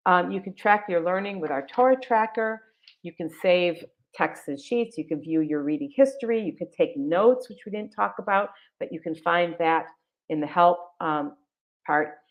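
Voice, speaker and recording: A woman's voice: fairly low pitch, moderate pace. A woman presenting a live webinar, walking viewers through a website in a chatty, enthusiastic way with many fillers. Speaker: webinar presenter for a text library. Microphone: video call. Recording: dull lo-fi video call audio.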